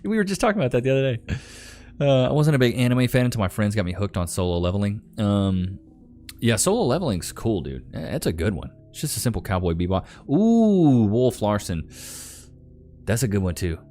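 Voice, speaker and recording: A young man from Northeast Texas, with a Southern drawl, chats casually on a live stream and reads viewer comments aloud in a relaxed way. His voice sits on the low side, darkish in tone, animated and brisk. Faint music plays in the background.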